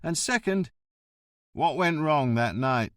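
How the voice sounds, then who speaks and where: A man's voice: on the high side, animated, slow pace, no room sound, studio quality, pitched above the performer's own voice. A man voicing a shrewd middle-aged police vice commissioner who questions a suspect slyly. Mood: probing. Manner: probing, sly questions.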